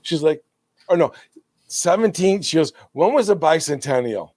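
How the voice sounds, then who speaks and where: A man co-hosting a podcast in casual chat, retelling a funny skit with animated energy and laughter into his podcast microphone. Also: on the high side, moderate pace, dry recording. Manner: animated storyteller who laughs while retelling. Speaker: podcast co-host.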